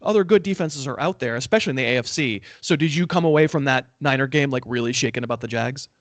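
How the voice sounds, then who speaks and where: A man's voice: medium pitch, fast, fairly bright tone, dry recording. A man hosting a casual sports chat, talkative and questioning, teasing himself. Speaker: host.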